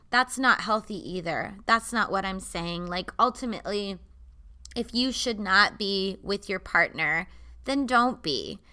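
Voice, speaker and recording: Bright, clear-voiced woman vlogger. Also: mid-range voice. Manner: earnest and confiding. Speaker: mother and vlogger. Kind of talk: candid personal vlog talk.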